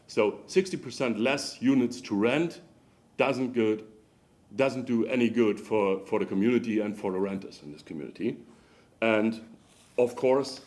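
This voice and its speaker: A man from Germany with a German accent speaking as a landlord at a council meeting, halting and hesitant with many fillers and non-native phrasing, into a podium microphone. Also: on the low side, darkish tone. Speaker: landlord giving public comment. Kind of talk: unscripted public comment. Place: city council chamber.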